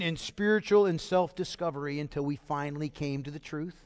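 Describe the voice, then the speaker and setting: Male pastor, high voice, emphatic sermon delivery, rhetorical questions, reverberant hall. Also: a little fast, hardly any pauses, clear, resonant tone.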